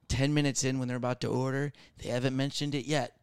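A man who works as a restaurant server, telling work stories in an animated, exasperated way in a casual chat. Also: medium pitch, quick pace, clear, resonant tone, no echo, clean studio sound. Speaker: restaurant server, podcast co-host.

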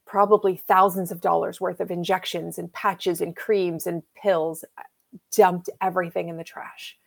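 A woman's voice: on the low side, gravelly. A woman in her fifties, an interview guest, telling a personal story with emotion and acting out what people said to her. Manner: emotional, animated retelling with acted-out quotes.

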